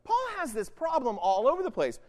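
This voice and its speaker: Conversational preacher in a reverberant hall. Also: male voice, extremely high pitch, wildly swooping pitch, fairly quick. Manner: conversational, keeps asking "right?". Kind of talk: sermon.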